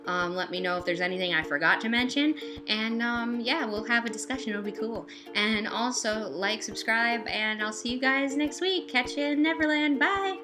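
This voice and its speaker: A woman's voice: on the high side, normal speed, over music. A woman giving a casual review vlog, chatty and talking back to the characters with mock scolding. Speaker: vlogger reviewing a TV musical.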